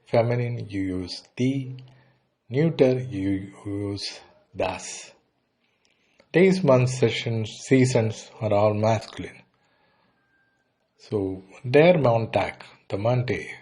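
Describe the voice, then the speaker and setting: A man gives a slow, patient beginner language lesson with a husky, slightly breathy voice. He says each phrase and then translates it, sometimes restarting a word partway through. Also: fairly low pitch, darkish tone. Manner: repeats phrases, then translates them plainly. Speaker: language teacher.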